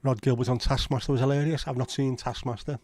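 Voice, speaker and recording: A man's voice: mid-range voice, steady tone, fast, a little mellow, dry recording. A man with a Liverpool accent hosting a casual livestream chat, rambling and opinionated with frequent swearing. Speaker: livestream host.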